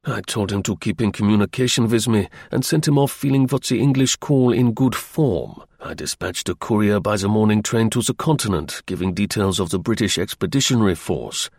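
Man reading a novel aloud, husky voice, measured and a bit arch, very dry recording. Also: on the low side, lively intonation, a little mellow, no room sound. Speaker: audiobook reader. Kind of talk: first-person novel narration.

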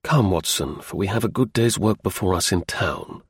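A man voicing a sharp, aloof male detective who speaks in a measured, lecturing way, in a husky, gravelly voice. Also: low voice, expressive, no room sound, heavily acted. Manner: measured, explaining, a little dry.

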